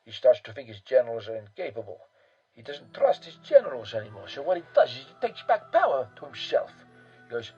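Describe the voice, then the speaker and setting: Male history storyteller, lively and profane, a bit husky, muffled sound with faint music behind. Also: medium pitch, brisk. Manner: profane, rambling, hesitant with fillers. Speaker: history podcast host.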